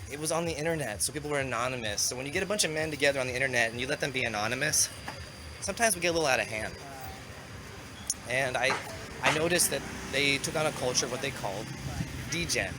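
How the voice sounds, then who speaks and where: Brief: man with a head cold, loose rambling vlog delivery, walking outside with street noise clearly behind him. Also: medium pitch. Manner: rambling, conversational, self-correcting. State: has a cold. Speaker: vlogger and community founder. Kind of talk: casual walking vlog talk. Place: outdoors walking through town to a river.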